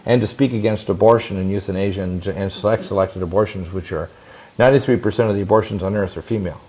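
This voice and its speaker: A man's voice: on the low side, fairly even intonation, quick pace, a little mellow, husky. Intense, rambling man in his 60s. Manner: intense, rambling, with many restarts and quoted dialogue. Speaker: interview guest. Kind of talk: long-winded interview storytelling.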